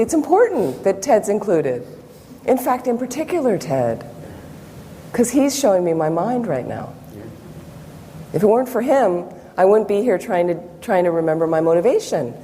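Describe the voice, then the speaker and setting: A woman's voice: mid-range voice, sing-song, normal speed, mellow. A Buddhist nun giving a public talk, telling personal stories and acting out her own inner thoughts. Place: meditation center hall. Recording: long hall reverb, faint background noise.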